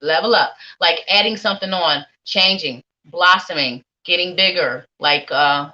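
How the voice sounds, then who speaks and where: Woman reading tarot cards on a live stream, sleepy but chatty, bright voice, a bit dull lo-fi sound. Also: on the low side, unhurried. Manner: warm, rambling, repeats phrases, talks straight to viewers. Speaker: psychic tarot reader.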